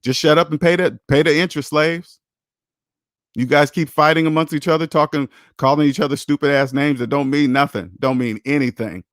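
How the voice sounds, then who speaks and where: A man's voice: a little high, steady tone, a little fast, a bit bright, no room sound. Man, finance stream host, blunt and preachy, curses for emphasis, dry close recording. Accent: American English. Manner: repeats himself, rises sharply when mocking. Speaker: personal finance show host. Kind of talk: live Q&A stream, answering chat.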